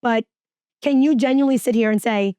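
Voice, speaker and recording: A woman's voice: on the high side, a little fast, dark tone, no room sound, clean studio sound. A woman hosting a podcast, speaking in a casual chat, making her points emphatically and building her argument step by step. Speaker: podcast host.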